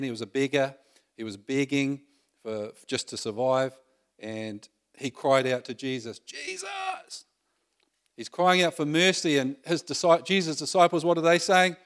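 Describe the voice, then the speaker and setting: A man preaching a sermon in a conversational way, often asking the congregation questions. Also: medium pitch.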